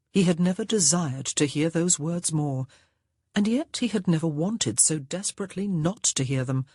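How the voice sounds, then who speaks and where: A woman narrating a historical romance audiobook with measured, expressive storytelling. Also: low-pitched, slightly rough, dry recording, studio quality. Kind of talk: scripted narration of a romance novel.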